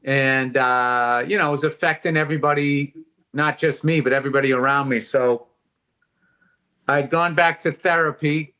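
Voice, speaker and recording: A man's voice: mid-range voice, steady tone, normal speed, sharp tone. A middle-aged man on a casual podcast, talking reflectively and candidly, swearing now and then. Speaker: podcast host.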